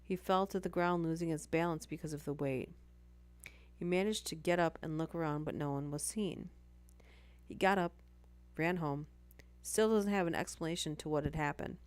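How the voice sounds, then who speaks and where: A woman's voice: low voice, moderate pace, darkish tone, dry recording. A woman hosting a live stream, reading stories aloud and breaking off for chatty asides and apologies.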